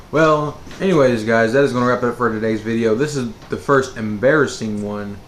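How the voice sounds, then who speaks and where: A man's voice: medium pitch, normal speed. A man telling a storytime monologue as a vlogger, rambling with many fillers and restarts. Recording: roomy echo with faint background noise.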